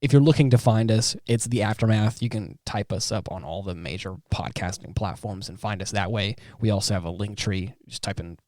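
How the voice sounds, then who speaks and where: Podcast co-host, male, lower voice, chatty and halting, dry studio sound. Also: a little mellow, dry recording. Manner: rambling, halting, laughs often. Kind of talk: casual chat.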